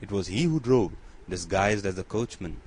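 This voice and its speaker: A man's voice: low-pitched, animated, moderate pace, a little mellow, low-quality recording. A man voicing a grateful, deferential bandit messenger in an audiobook reading, with faint background noise.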